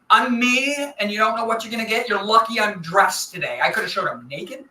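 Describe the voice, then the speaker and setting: A man's voice: high voice, normal speed, bright, forceful tone. A man guesting on a live show, teasing the host and rambling through funny stories. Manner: playful, teasing, rambling storyteller. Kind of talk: joking live-show banter. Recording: roomy echo, distant from mic.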